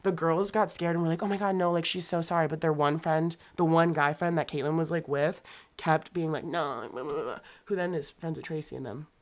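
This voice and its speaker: A young woman telling a story in casual podcast chat, animated, swearing freely and acting out what people said. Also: low voice, a little fast. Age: young adult. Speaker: podcast guest.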